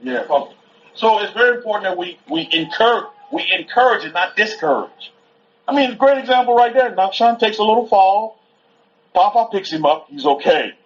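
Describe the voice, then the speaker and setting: Animated high-voiced man preaching casually. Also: moderate pace, a little hiss or hum. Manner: rambling, repetitive, conversational, stops to soothe a toddler. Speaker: teacher at a Sabbath gathering. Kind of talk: informal sermon. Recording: dull lo-fi recording.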